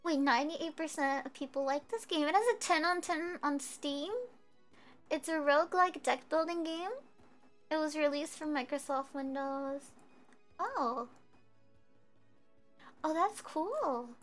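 A woman streamer chatting casually with viewers while she plays a game, bubbly and quick to giggle. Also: high voice, faint music behind. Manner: bubbly, giggly, easily excited. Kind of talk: casual gameplay chat.

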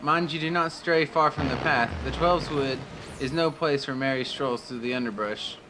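A man's voice: medium pitch, normal speed, background noise, close to an everyday voice. A man reading out a courteous quest giver's formal instructions. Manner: formal, explanatory.

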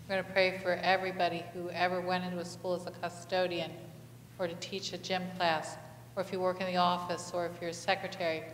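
A woman pastor with a lowish voice delivers a conversational sermon in a church sanctuary, peppering the congregation with questions and telling lively stories. The echoey hall carries faint ambience and slight background noise.

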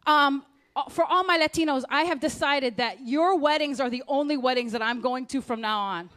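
A woman's voice: sits high, a bit bright. A woman comedian performing a brash, punchy stand-up set on a club stage. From United States. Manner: brash, rapid, punchy delivery with character voices. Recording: echoey club with faint noise.

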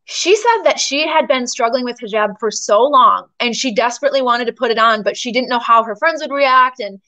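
Woman guest telling a story, chatty and animated, lots of fillers, voice on the higher side. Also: brisk, rough recording. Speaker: interview guest, muralist. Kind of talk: storytelling in conversation.

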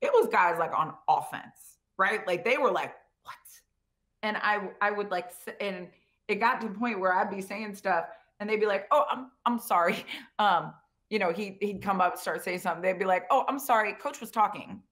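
A woman who coached pro football, answering an interview question in casual, animated storytelling with lots of fillers and quoted voices. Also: medium pitch, moderate pace. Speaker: guest speaker, former pro football coach.

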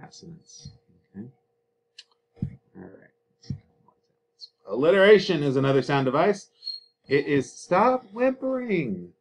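A male teacher talks through a slideshow lesson in a loose, chatty way. He drops fillers and little joking asides as he goes, at a mid-range pitch. A faint hiss runs under the recording. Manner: casual and chatty, with filler words and self-talk asides.

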